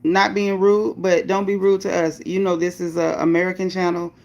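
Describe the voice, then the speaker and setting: A woman's voice: fairly low pitch, little pitch movement, normal speed, vocal fry, darkish tone, muffled recording. A woman hosting a livestream, reading viewer comments and speaking bluntly about her opinions and chat rules. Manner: greets viewers by name, upbeat bursts. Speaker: livestream host.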